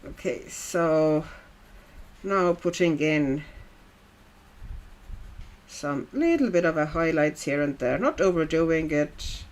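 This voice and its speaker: A woman's voice: sits low, animated, takes it slowly, long pauses. A woman, not a native English speaker, hosting a casual coloring livestream, chatting and laughing as she reads viewer comments aloud.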